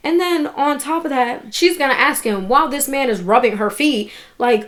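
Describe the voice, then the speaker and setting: A woman's voice: on the high side, expressive, brisk, hardly any pauses, a bit bright. Indignant woman giving casual commentary. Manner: candid, indignant, swears casually. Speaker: vlogger reviewing a documentary.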